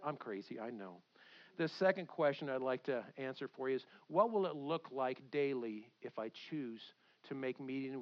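High-pitched pastor guy in his 50s preaching, gets loud then goes quiet and intense, muffled lo-fi church recording. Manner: animated, swings from loud outbursts to quiet intensity. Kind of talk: sermon. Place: church sanctuary.

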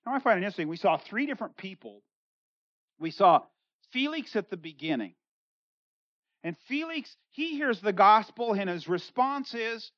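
A pastor preaching an expository sermon, reading scripture and explaining it in plain, conversational words, and acting out the quoted speakers with big jumps in pitch and loudness. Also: big pitch swings, normal speed, no echo. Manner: conversational, paraphrases in everyday words. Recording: dull lo-fi sound.

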